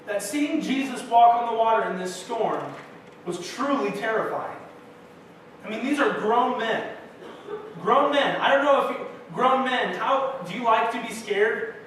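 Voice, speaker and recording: A young man's high, fairly bright voice carries through an echoey church hall as he preaches to his congregation, sharing relaxed, self-deprecating anecdotes. He's captured from far off in the sanctuary, with a little noise in the background.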